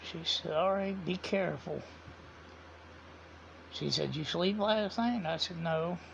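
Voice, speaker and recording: A man's voice: sits high, a little slow, a bit bright, slight background noise. A man telling a personal story in a casual, rambling way, retelling each conversation with "I said" and "he said". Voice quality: gravelly. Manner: rambling, repeats quoted dialogue with "I said" and "he said". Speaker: vlogger. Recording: dull lo-fi sound.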